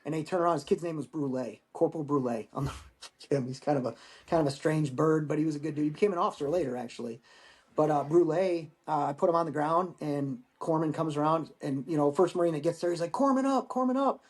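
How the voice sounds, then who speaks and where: A man in his forties, a Marine veteran guest, telling war-training stories in a casual, profane, animated way. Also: on the high side, fast talker. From United States. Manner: profane, animated storyteller acting out dialogue. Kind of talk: casual storytelling interview.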